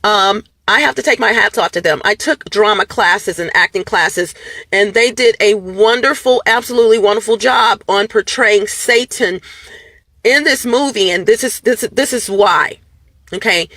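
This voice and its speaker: A woman vlogger with a mid-range, bright and forceful voice talks casually and animatedly to her viewers, her pitch rising and falling. She uses many fillers and restarts and calls her audience "you guys," on a dry recording.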